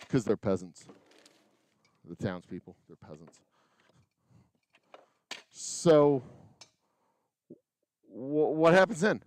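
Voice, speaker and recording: A man's voice: medium pitch, very animated, drawn-out words, pauses often. A man hosting a live stream from his distillery, rambling through sarcastic musings and counting bottles under his breath as he works. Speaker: distiller and channel host. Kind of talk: rambling live-stream chat while working. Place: small distillery bottling room, indoors.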